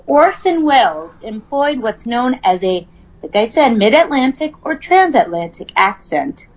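A woman's voice: a little high, darkish tone, lo-fi sound. A woman co-hosting a casual chat, reading from notes, laughing often and stumbling over words. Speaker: podcast co-host.

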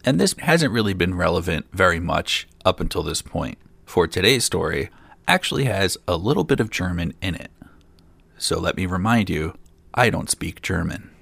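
Male storyteller host, deep voice with some fry, dry wry asides, dead-dry close mic. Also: sing-song, normal speed, a bit bright, no room sound. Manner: dry, lightly joking asides. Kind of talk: reading a fairy tale aloud.

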